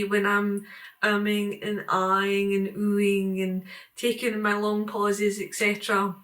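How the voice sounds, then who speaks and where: A woman's voice: mid-range voice, fairly bright tone. A middle-aged woman, talking to camera in a casual vlog, rambling and reflective with many fillers and restarts. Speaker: vlogger.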